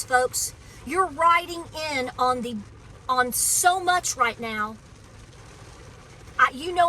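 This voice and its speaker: A woman's voice: high voice, pushed and bright, a little hiss or hum, rough recording. A woman homesteading vlogger speaking outdoors on her farm in an impassioned, preachy, emphatic way. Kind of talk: outdoor political vlog rant.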